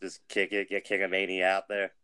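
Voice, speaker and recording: A brash man on a casual podcast, full of boastful trash talk and swagger. His voice sits on the low side and is recorded dry, with no room around it. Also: monotone, fairly quick, bright, forceful tone, clear, resonant tone, no echo. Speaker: podcast co-host.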